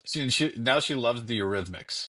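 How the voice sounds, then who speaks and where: A man's voice: medium pitch, expressive, moderate pace, bright, forceful tone. A man telling casual, rambling stories about his young daughter as a podcast guest, speaking from his home basement over a call. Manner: rambling, filler-heavy anecdotes. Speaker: guest, father. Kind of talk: casual storytelling.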